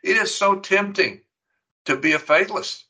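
A man's voice: sits high, moderate pace, sharp tone, low-quality recording. A middle-aged man preaching a sermon, teaching earnestly and emphatically, with rhetorical questions. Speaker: pastor.

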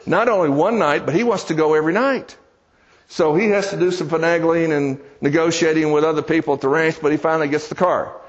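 Speaking on the high side and a little fast, a Southern American preacher tells a story from the pulpit. His style is folksy and chatty, with jokes tossed to the congregation. Long hall reverb and a dull sound mark the recording.

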